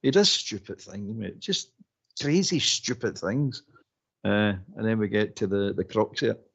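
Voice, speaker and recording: A man's voice: lowish voice, measured pace, vocal fry, breathy edge. A man with a Scottish accent co-hosting a football phone-in, exasperated and repeating himself as he runs down the players. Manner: exasperated, repeats his words, laughs while he talks. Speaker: co-host. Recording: dull lo-fi audio.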